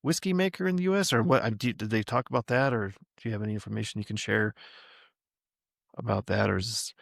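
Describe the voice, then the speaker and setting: A man hosting a podcast, asking casual questions in a halting way and often restarting his sentences. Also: on the low side, creaky, a bit bright, dry recording, clean studio sound. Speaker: podcast host. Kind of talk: casual interview chat.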